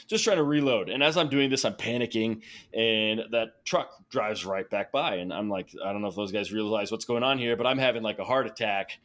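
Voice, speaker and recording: A man tells a story on a podcast in a casual, animated way. He gets excited as he talks, laughs along, and often restarts his sentences. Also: lowish voice, moderate pace. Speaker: podcast guest.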